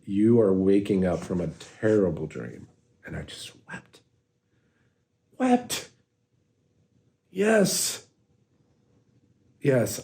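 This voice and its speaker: A man in his forties talks in a low, mellow voice. He is an earnest, soft-spoken life coach who reflects aloud and often stops to restart his sentences. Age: 40s. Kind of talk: reflective monologue.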